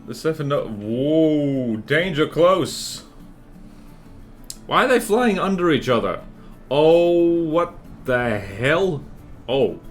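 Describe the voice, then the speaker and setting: Animated, joking male game streamer. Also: fairly high pitch, slow pace, long pauses, soft background music. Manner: animated, jokey self-talk. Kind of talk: casual gameplay commentary.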